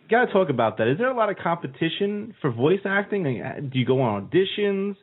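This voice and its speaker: A male radio host leads a casual chat, eager and quick to laugh, with crude jokes mixed in. His voice is slightly husky. The sound is thin and tinny, like a phone line. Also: a little high, big pitch swings. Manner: enthusiastic, laughs often, crude humor.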